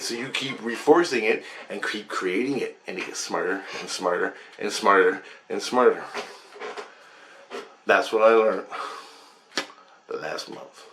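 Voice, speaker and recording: A man's voice: on the low side, a bit bright, slight background noise. A man telling a rambling story about his dreams, profane and agitated. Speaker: vlogger.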